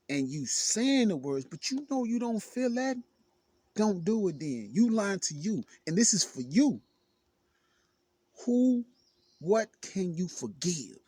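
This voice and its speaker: A man's voice: fairly high pitch, a little mellow, breathy edge, dry recording. A man giving an earnest, emphatic self-help talk, repeating phrases for emphasis. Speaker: motivational speaker. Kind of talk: self-help video monologue.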